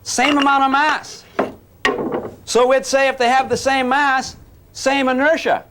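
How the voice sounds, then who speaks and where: A man's voice: extremely high pitch, little pitch movement, unhurried, background noise. A man teaching physics to a class, joking and coaxing the students while he demonstrates. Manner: jokey, coaxing, calls students gang.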